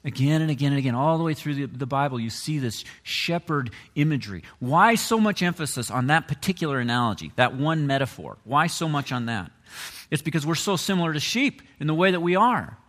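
A man preaching a sermon as a pastor, talking conversationally and swinging from quiet asides to emphatic, rising points. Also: fairly high pitch, expressive, brisk, long reverb tail.

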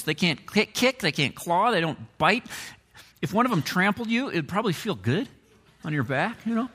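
Animated preaching man in a reverberant hall. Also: sits high, moderate pace, slightly rough. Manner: conversational preaching, animated swings with emphatic rises. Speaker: pastor. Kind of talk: sermon.

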